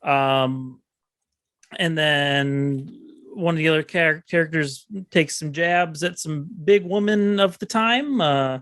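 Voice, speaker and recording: A man co-hosting a podcast, recapping a film in a slow, halting way with many ums and uhs. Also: fairly high pitch, a bit bright, no echo, studio quality. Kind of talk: casual movie recap chat.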